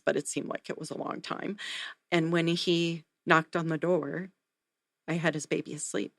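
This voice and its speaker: A woman, a neonatal nurse practitioner, telling a story in an interview, earnest and animated. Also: lowish voice, normal speed, creaky, no room sound, clean studio sound. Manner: earnest, animated retelling with acted quotes.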